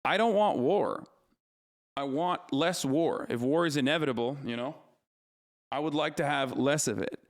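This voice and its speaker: A man talks on a live stream in a fairly high voice. He rants with heat and swears often. He turns to answer his chat head-on. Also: normal speed. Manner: heated, profane, argumentative. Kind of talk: live-stream political rant. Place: streaming studio.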